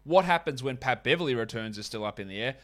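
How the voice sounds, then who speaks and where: On his fantasy basketball podcast, the host speaks at a medium pitch with lively intonation. He's chatty, offers wry asides, and zips through stats and ad reads.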